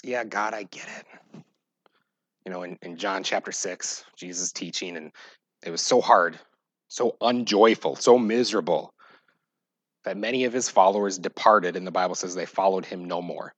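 Man, pastor, sermon, low voice, dry close sound, emphatic readings, quiet asides. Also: dry recording. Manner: lively, swinging between loud emphatic reading and quiet asides. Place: church.

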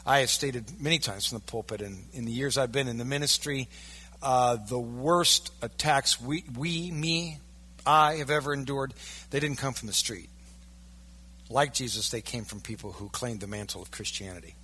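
A male pastor preaching a sermon, emphatic, swinging from loud, stressed peaks down to low, quiet lines. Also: normal speed, breathy edge.

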